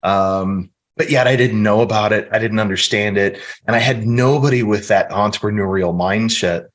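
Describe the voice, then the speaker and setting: A man's voice: lowish voice, moderate pace. A middle-aged man from the American Midwest, earnestly telling stories from his life as a guest in a casual podcast interview. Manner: earnest, storytelling, reflective.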